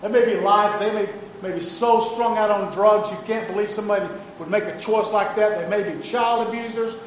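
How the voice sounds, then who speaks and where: A man's voice: sits high, fairly even intonation, brisk, slight background noise. A man pastor preaching a sermon in an earnest, emphatic manner, often restarting his phrases.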